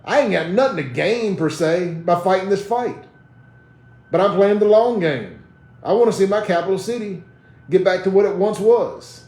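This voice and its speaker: A man's voice: sits high, expressive, moderate pace, a little mellow, roomy sound. A man with a Mississippi Southern accent, hosting a live online talk show and ranting in a blunt, combative, defiant way. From Jackson, Mississippi, USA. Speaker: host of a live social media talk show.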